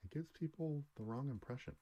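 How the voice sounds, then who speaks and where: A man's voice: mid-range voice, expressive, fairly quick, warm tone, breathy edge, no room sound, lo-fi sound, pitched above the performer's own voice. Man putting on a prim earnest young woman.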